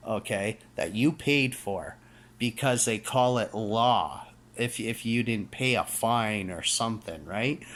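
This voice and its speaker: This Canadian vlogger's lowish voice is slow and a bit bright as he rants to the camera. His tone is fiery and preachy; he hammers his points, restarts words, and frequently tosses in "okay?"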